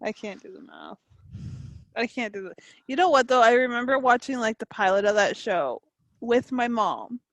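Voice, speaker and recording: A woman's voice: a little high, expressive, dry recording. A woman co-hosting a podcast, chatting casually and agreeing often. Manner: quick to agree and laugh along. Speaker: podcast co-host. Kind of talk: casual chat.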